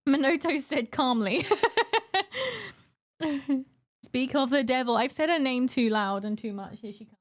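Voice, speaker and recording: A woman's voice: high voice, measured pace, pauses often. A young woman chatting casually with her stream viewers from home, giggly and chatty, greeting people by name and cooing baby talk to her cat. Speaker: live streamer.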